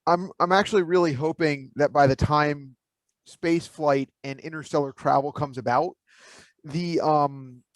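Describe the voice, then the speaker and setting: A man's voice: a little high, steady tone, a little slow. A man co-hosting a podcast in casual chat, laid-back and rambling, thinking aloud with lots of fillers. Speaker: podcast co-host.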